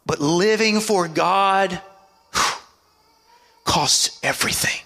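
A man preaching a sermon as pastor, calling out to the congregation for amens and dropping his voice low for emphasis. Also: extremely slow, vocal fry, pushed and bright, long reverb tail. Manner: preaching with call-and-response asides and dramatic drops in pitch.

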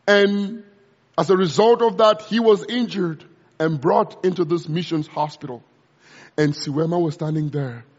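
A man's voice: high-pitched, breathy edge. A man preaching a sermon, telling a story with a dramatic, rising and falling delivery. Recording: echoey hall, muffled sound.

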